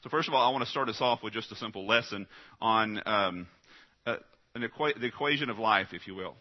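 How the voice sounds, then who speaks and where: Delivering a sermon fairly quickly, this pastor's lowish voice comes through a dull lo-fi recording. He's emphatic and direct, repeatedly posing questions to the congregation.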